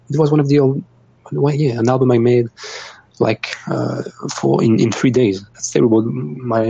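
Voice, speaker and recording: A young man with a French accent, a musician guest in a casual interview, talking haltingly with many restarts and easy laughs. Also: mid-range voice, vocal fry, dark tone, breathy edge, no echo, lo-fi sound. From France. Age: young adult.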